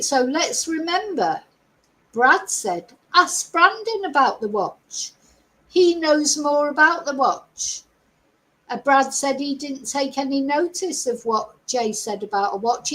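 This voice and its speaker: A woman talks through the news at an unhurried pace, in a high voice. She hosts a chatty live stream and keeps asking her viewers questions. She sounds middle-aged and casual. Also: rough recording. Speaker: host.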